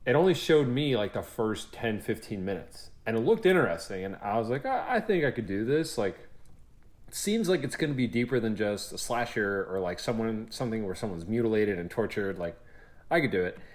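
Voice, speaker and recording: A young man co-hosts a podcast, chatting casually as an animated storyteller who acts out what people said and swears freely. His voice is lowish and brisk.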